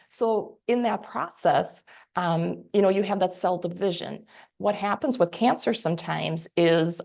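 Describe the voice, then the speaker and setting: This woman has a gravelly, creaky and somewhat low voice. She is the expert guest and explains dental care patiently, step by step, with many ums along the way. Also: a little mellow. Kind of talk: explanatory talk.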